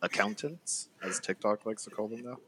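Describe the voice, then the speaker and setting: A man's voice: fairly low pitch, normal speed, pushed and bright, a little hiss or hum. A young man in his twenties, a podcast co-host who teases his friend and laughs a lot. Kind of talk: casual chat.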